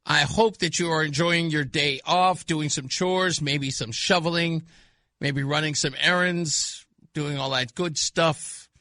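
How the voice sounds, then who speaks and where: Bright high-voiced male radio host. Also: measured pace, dry recording, studio quality. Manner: animated, laughs often, trails off into murmurs. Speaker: radio talk show host. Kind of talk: casual radio chat. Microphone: studio microphone.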